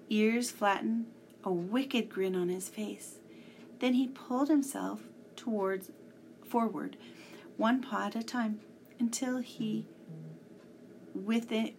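A woman reading a children's story aloud, measured and sometimes hushed. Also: a little high, vocal fry, slight background noise.

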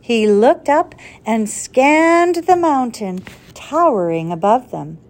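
Woman storyteller, children's adventure read-aloud, expressive and deliberate, slow, very lively pitch, fairly high.

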